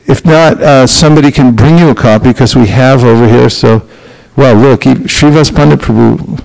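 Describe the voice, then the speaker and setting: Gravelly man teaching a scripture class. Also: mid-range voice, normal speed, darkish tone, poor audio. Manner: direct, coaching students and correcting them. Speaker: spiritual teacher leading a class.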